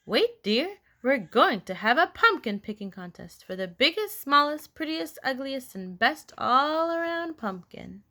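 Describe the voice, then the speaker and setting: A kind, patient schoolteacher from a storybook explains things gently, as a woman puts her on. Her voice is high and bright, and she takes her time. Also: sing-song, unhurried, few pauses, exaggerated voice.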